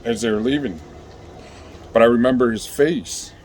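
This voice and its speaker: A man's voice: medium pitch, normal speed, darkish tone, slight background noise. Rambling, profane man telling a story. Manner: rambling, profane, with many fillers. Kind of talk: casual storytelling.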